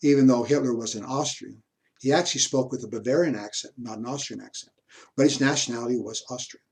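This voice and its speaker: A man giving a university history lecture, unhurried, pausing mid-sentence and adding asides. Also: mid-range voice, darkish tone.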